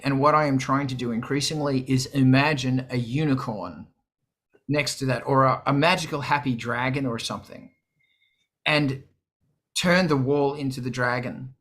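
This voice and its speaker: A man hosting a live stream, chatting casually to viewers, swearing freely and acting out what others said. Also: medium pitch. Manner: animated, swearing, quoting others in put-on voices. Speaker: livestream host. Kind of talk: casual chat to a live audience.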